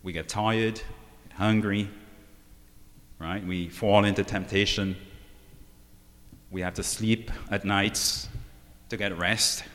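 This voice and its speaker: A man preaching a sermon, emphatic and unhurried, often asking the listeners rhetorical questions. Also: lowish voice, steady tone, fairly bright tone. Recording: long hall reverb.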